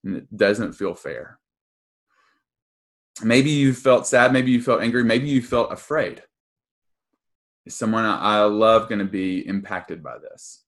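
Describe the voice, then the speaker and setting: A man's voice: fairly low pitch, measured pace, long pauses. A young man preaching a conversational sermon as pastor, casual and earnest, with frequent ums and restarts.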